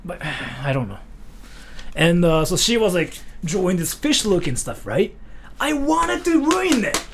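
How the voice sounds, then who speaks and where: Young guy streaming, gravelly voice, bounces all over in pitch, rambly, faint noise behind. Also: measured pace. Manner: rambling, animated, many "like" fillers. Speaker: livestream host. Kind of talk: casual storytelling chat.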